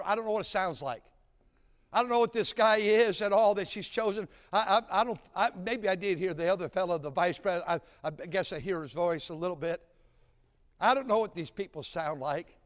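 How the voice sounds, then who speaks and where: A man preaching a sermon, telling folksy stories and building to shouted exhortation. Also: high voice, a little fast. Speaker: pastor. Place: large church sanctuary. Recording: church sanctuary with long reverb.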